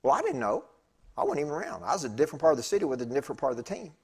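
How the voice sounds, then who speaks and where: A man preaching a sermon, telling a story with animated swings between loud bursts and hushed tones. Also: on the high side, rapid-fire, slightly rough.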